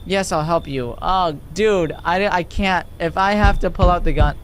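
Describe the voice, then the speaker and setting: A young man chatting excitably while playing a game and reading its text aloud. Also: high-pitched, moderate pace, hardly any pauses, slight background noise. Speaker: gamer. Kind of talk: let's play commentary.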